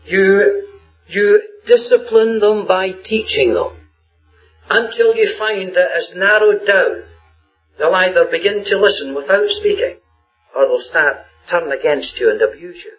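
A male preacher with a high voice gives an earnest sermon that swings widely in pitch, often repeating his phrases for emphasis. The recording is dull and lo-fi, with faint music behind him. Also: expressive, unhurried.

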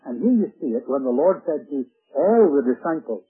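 Husky preacher man on a tinny recording. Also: mid-range voice, sing-song, normal speed, hardly any pauses. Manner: earnest, emphatic repetition of key phrases. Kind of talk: Bible teaching sermon. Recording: tinny phone-like band, husky.

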